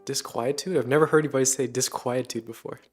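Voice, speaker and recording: A man's voice: mid-range voice, steady tone, fast talker, darkish tone, soft background music. A man on a live stream reacting casually to a video and memes, musing aloud and chuckling as he talks to himself.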